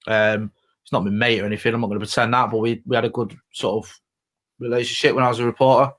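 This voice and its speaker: Manchester bloke in his 30s, podcast chat, rattles along quick, swears a lot. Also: medium pitch, little pitch movement, a bit bright. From Greater Manchester, England. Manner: chatty storyteller, swears freely, laughs often. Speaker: podcast co-host, former reporter.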